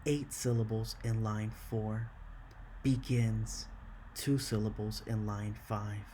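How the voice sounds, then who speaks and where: A man teaching a classroom lesson, slow and encouraging, counting syllables aloud. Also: fairly low pitch, fairly even intonation, mellow, slight background noise.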